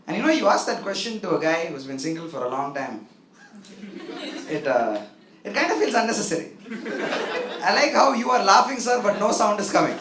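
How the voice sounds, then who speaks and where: A man's voice: sits high, animated, moderate pace, long pauses, very noisy. A young man performing a stand-up comedy set, chatty and self-mocking, often talking straight to the crowd. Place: comedy club stage with a live audience. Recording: live club with loud crowd laughter. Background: audience laughter.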